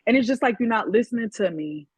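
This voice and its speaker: A woman on a casual podcast panel, recalling her own parenting in a candid, relaxed way with quoted asides. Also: on the high side, quick pace, slightly rough, no room sound. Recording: dull lo-fi recording.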